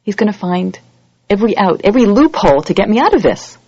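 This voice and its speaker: A woman giving an animated lecture, acting out little scenes and quoted voices as she teaches. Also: quick pace, slightly rough, no echo. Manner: animated, acts out quoted voices with big pitch jumps. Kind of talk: lively lecture. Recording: dull lo-fi audio recording.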